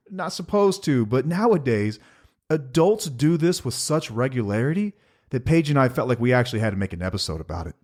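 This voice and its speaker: A man's voice: medium pitch, big pitch swings, brisk, a little mellow. A man, co-hosting a casual podcast and talking emphatically, with a sarcastic streak. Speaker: podcast co-host.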